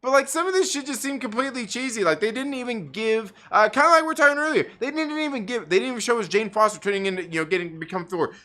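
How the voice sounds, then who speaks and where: A man's voice: very high voice, quick pace, few pauses, sharp tone. A man ranting in casual livestream commentary, profane and rambling, full of fillers and restarts. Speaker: livestream co-host; parent.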